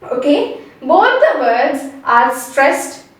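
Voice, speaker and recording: A woman's voice: sits high, big pitch swings, drawn-out words, distant mic. A woman teaching pronunciation, spelling out sounds letter by letter and checking in with frequent "okay?"s. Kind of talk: slow explanatory lesson. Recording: echoey room, voice off-mic.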